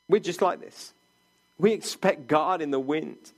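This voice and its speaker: A man preaching a sermon as a pastor, earnest, sometimes dropping to a hush for quoted words. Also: on the high side, expressive, slow.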